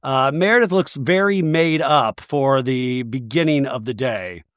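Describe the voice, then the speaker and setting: A man hosting a podcast, recapping a reality show with animated, mocking asides. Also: a little slow, clear, resonant tone, no room sound, clean studio sound. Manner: animated, does high-pitched mocking impressions of cast members. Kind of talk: comedic recap monologue.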